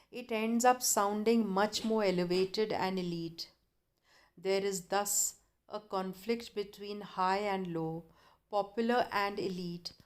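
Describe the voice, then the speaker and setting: A woman college lecturer, reading lecture notes aloud to students in a measured, deliberate way with occasional self-corrections. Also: mid-range voice, darkish tone.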